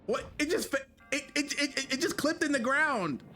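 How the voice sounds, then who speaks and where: Animated, jokey male streamer. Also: extremely high pitch, normal speed, few pauses, faint music behind. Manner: animated, jokey, exclaims and repeats himself. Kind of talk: live gameplay commentary.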